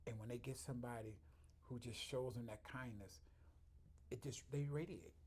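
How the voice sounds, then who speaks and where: A man's voice: mid-range voice, moderate pace, a little mellow, slightly rough. A man, a chiropractor, talking earnestly in an interview, telling heartfelt stories and quoting the people he has met. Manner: earnest, heartfelt, often quoting others, laughing at his own stories. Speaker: chiropractor, guest. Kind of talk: conversational interview storytelling.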